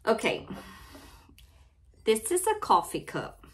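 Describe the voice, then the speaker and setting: A woman's voice: on the high side, huge pitch swings, slow, over loud music. A middle-aged woman with a Cajun Louisiana accent, chatting casually in an unboxing vlog, tearful and heartfelt, often apologizing. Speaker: crafting channel vlogger.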